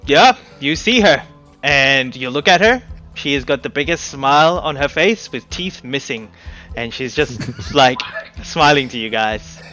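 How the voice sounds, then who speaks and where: A man's voice: medium pitch, animated, unhurried, sharp tone, soft background music. A man narrating a tabletop game as game master in a laid-back way.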